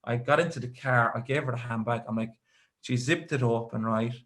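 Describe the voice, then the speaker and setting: Young Irish male stand-up, mid-pitched, rambling and self-deprecating, deadpan asides. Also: a little fast. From Ireland. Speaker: stand-up comedian. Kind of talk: stand-up storytelling. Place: live comedy show with audience.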